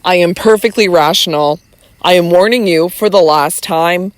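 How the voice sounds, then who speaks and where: A woman's voice: on the low side, normal speed, dry recording, natural voice. A reader voicing a cool commanding noblewoman. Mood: cold. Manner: cool and commanding, then playful. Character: imperious, teasing young noblewoman. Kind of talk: audiobook reading.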